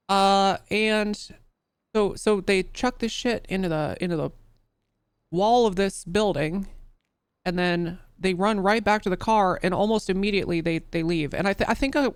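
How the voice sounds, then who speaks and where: A woman's voice: fairly low pitch, smooth, no room sound. A woman testifying in character as an undersheriff during a role-play court case, telling her account in a loose, rambling way full of restarts and fillers.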